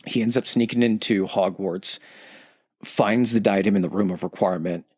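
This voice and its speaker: Low husky man recapping a story. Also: normal speed, a little mellow, dry recording, clean studio sound. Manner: loose retelling of a story, acting out quotes in his own voice. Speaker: podcast host. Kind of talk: casual chat.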